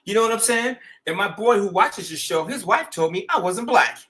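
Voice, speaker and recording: A man's voice: sits high, moderate pace. A man hosting a show, telling stories in a casual, slangy way and acting out quotes. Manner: animated, slangy, acts out quotes with laughs. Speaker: show host. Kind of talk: casual storytelling chat.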